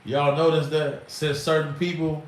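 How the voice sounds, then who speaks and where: A man's voice: fairly high pitch, level tone, normal speed. A middle-aged man, hosting a livestream in an emphatic, rambling, slangy way. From Chicago. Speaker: livestream host. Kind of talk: casual livestream talk. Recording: roomy echo, far from mic, faint noise.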